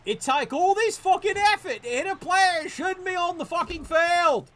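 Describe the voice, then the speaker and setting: A man commentating a tabletop-style video game match casually, excitable and profane, stammering when worked up. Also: extremely high pitch, normal speed, hardly any pauses, slight background noise.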